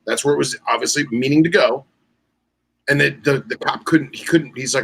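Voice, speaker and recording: Bright-voiced man telling animated stories. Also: medium pitch, a little fast, gravelly, slight background noise, rough recording. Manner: animated storyteller acting out quoted dialogue; loose, with many fillers and restarts. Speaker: podcast co-host. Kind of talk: casual chat.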